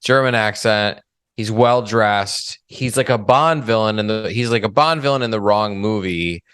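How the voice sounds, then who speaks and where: Low smooth-voiced man, dry sound. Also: normal speed, no room sound. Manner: relaxed, hesitant, many fillers. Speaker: podcast co-host. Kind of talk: casual film discussion.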